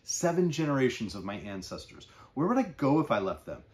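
A man's voice: medium pitch, sing-song, fairly quick, a little mellow, pitched above the performer's own voice, lightly acted. A man reading as Araz, a defiant proud fisherman. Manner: firm, impassioned declaring.

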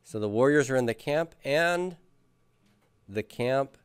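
A man's voice: medium pitch, animated, unhurried, clear, resonant tone, dry recording. A man teaching a class, patiently drilling students and having them repeat after him. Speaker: Hebrew grammar teacher. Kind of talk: classroom lecture with questions.

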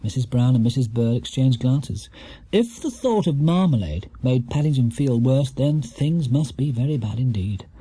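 A man narrating a children's storybook in a lively, expressive way. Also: medium pitch, normal speed, husky, no echo. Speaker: audiobook narrator.

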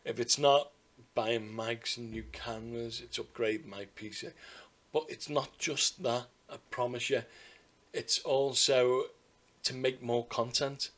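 A man's voice: mid-range voice, steady tone, a little slow, a bit bright. A man telling a personal story to camera in a rambling, chatty way, full of asides and restarts. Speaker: vlogger.

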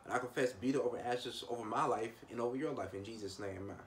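A man preaching at a quick clip in a plain, mid-range voice. He talks informally and emphatically, repeats himself and restarts phrases. A faint hiss sits under the recording. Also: mid-range voice. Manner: repetitive, restarts often, emphatic asides. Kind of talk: informal devotional sermon.

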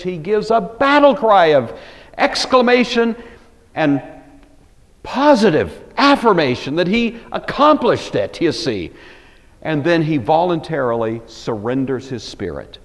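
A man teaching a Bible lecture, telling the story with animated emphasis. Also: fairly high pitch, measured pace, in a large hall.

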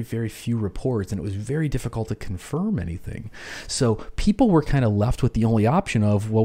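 A man's voice: fairly low pitch, warm tone. A man hosting an educational film commentary, explaining casually with lots of "you know" and "right?".

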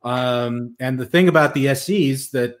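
A man's voice: medium pitch, measured pace, a little hiss or hum. Easygoing man hosting a gear chat. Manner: easygoing, with frequent hesitations. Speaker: host. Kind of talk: casual chat.

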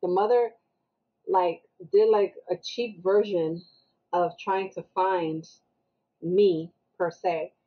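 A woman guest on a podcast, telling a story in a casual, animated way and acting out the people in it. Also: on the low side, slow pace, muffled recording. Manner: animated, acts out the people she quotes.

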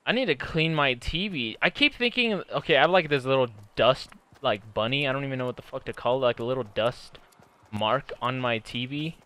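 A young man casually commenting on his own gameplay, excitable and swearing often, sometimes breaking into angry shouts. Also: mid-range voice, fairly quick, smooth. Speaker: gamer streamer.

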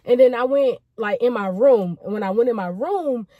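Young woman vlogger in a car, chatty and excited, higher voice, dry close sound. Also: normal speed, no room sound, dull audio. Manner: chatty, repeats "y'all" often, excited and grateful. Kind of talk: casual chat to the camera.

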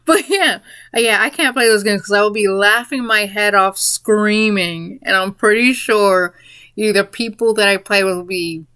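A woman's voice: medium pitch, steady tone, normal speed, sharp tone, no room sound. A woman in a casual spoken monologue, rambling a little and breaking into giggles mid-sentence. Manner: rambling, with fillers and restarts. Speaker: vlogger.

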